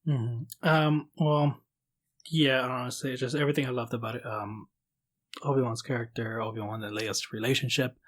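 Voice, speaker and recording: A man's voice: mid-range voice, fairly even intonation, normal speed, fairly bright tone. Man, podcast co-host, casual chat, rambling, lots of fillers. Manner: rambling, many fillers, swears when telling a story.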